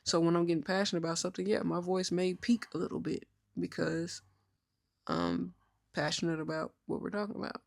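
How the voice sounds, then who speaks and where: A woman of thirty co-hosting a podcast, telling stories in an outspoken, mostly even-toned casual chat. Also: on the low side, fairly quick, vocal fry. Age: 30s. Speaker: podcast co-host.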